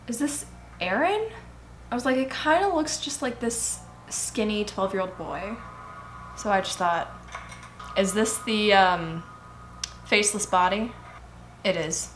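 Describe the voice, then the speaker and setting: A young woman hosting a reaction video, chattering excitedly and gasping at what she watches. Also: medium pitch, unhurried, long pauses, slight background noise. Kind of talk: casual reaction commentary.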